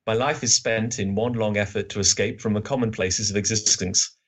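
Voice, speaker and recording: A British man reading aloud as a languid, bored male Victorian detective, in a dry and unhurried way. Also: on the low side, fairly even intonation.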